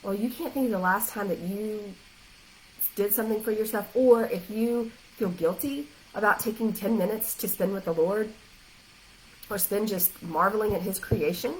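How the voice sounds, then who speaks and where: A woman's voice: mid-range voice, moderate pace, a little hiss or hum, low-quality recording. A woman life coach giving a faith-based encouragement talk, earnest, direct and emotional.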